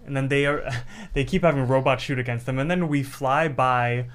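A man's voice: mid-range voice, steady tone, normal speed, fairly bright tone. A young man co-hosting a podcast, casually recapping a cartoon episode in a rambling way, full of fillers. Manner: rambling recap with many fillers and acted-out quotes. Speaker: podcast co-host.

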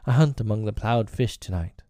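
A man's voice: lowish voice, normal speed, warm tone, no room sound, studio quality, close to an everyday voice. A man voicing an earnest, bold boy raised by wolves in a storybook reading. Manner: earnest, eager.

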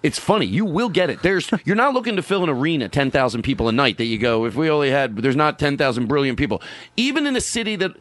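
A middle-aged comedian chatting casually and acting out quotes in an animated way, as host. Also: male voice, fast. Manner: animated storyteller, acts out quotes with big pitch jumps. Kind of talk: casual conversation about comedy clubs.

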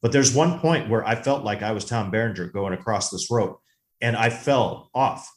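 A man co-hosting a movie podcast, telling a rambling, animated story in casual chat. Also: fairly low pitch, moderate pace. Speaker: podcast co-host. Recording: roomy echo.

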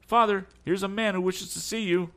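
A man voicing an alert, eager young male inventor, lifting his voice brisk and youthful in a storybook reading. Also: lowish voice, huge pitch swings, fairly bright tone, pitched above the performer's own voice, heavily acted.

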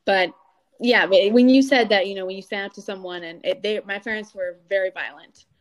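A young adult woman speaks candidly as an interview guest. She talks in an animated, storytelling way and often acts out what other people said. Her pitch sits in the middle of the range. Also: brisk. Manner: animated storytelling, acting out quoted voices.

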